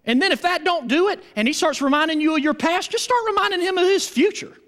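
A male pastor preaching a sermon with animated, emphatic delivery and call-and-response with his congregation. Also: extremely high pitch, quick pace, long reverb tail. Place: church.

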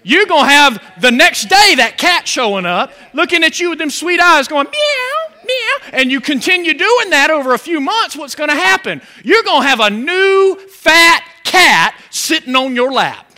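A man preaching a sermon as pastor, animated, with call-and-response questions to the congregation. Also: extremely high pitch, moderate pace, few pauses.

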